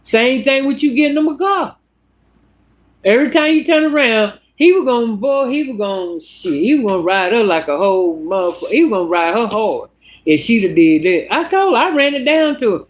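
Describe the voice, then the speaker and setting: A woman's voice: fairly high pitch, a little fast. A woman telling a story in a casual vlog monologue, blunt and full of cussing. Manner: blunt, profane, animated. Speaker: vlogger.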